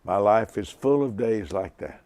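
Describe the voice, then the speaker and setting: A man in his seventies preaching a sermon slowly and emphatically, repeating key lines. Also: fairly low pitch, animated, a little mellow, no echo. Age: 70s. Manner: slow, emphatic preaching with repetition.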